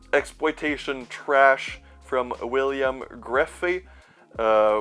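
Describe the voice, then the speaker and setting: A man's voice: mid-range voice, fairly bright tone. A young man chatting casually about his collection, rambling and sarcastic, swearing now and then. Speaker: YouTuber reviewing his movie collection. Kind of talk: casual chat.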